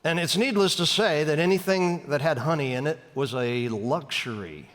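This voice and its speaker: A pastor gives a sermon in a church sanctuary in a fairly high voice for a man. He talks in a loose, conversational way and drags out key words for effect, with a long reverb trailing behind him. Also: a bit bright. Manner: conversational, storytelling with dramatic slowdowns.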